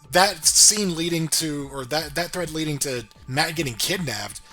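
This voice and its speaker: A man's voice: fairly high pitch, a little slow, bright, forceful tone, soft background music. A man co-hosting a casual review chat, laid-back, laughing often and swearing casually. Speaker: podcast co-host reviewing a cartoon.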